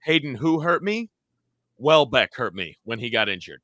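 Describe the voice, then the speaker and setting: A man's voice: mid-range voice, sing-song, normal speed, sharp tone, no echo. A young man co-hosting a live football watch-along, full of casual jokes, teasing and blunt opinions. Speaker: co-host of a match watch-along. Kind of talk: casual sports banter.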